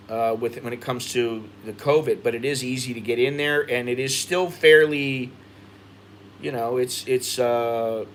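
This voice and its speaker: An American man talks on a livestream, reading viewer comments and circling back over the same points with open frustration. His voice sits at an ordinary pitch with a bright, forward edge. A faint hum of background noise runs underneath. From United States. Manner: rambling, frustrated, repeats himself. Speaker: expat vlogger.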